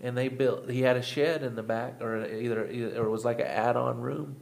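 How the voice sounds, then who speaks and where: A man talking casually as a guest, halting and restarting as he recalls things. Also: medium pitch, fairly even intonation, vocal fry, darkish tone. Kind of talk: casual chat.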